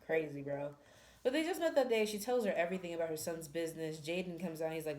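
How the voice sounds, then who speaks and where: A woman's voice: low-pitched, expressive, fast talker, a little mellow. A woman reviewing a book in casual chat, retelling the plot in a blunt, profane, exasperated way.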